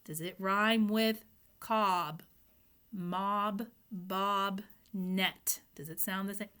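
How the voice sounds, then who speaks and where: A woman teaching young children to read, spelling out letters one by one and sounding out each word. She talks at a slow, unhurried pace with a bright, forward tone. She prompts the children with gentle questions as she goes. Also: medium pitch, steady tone, clear, resonant tone. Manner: speaks to the children, asking questions and prompting answers. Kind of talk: phonics lesson for young children.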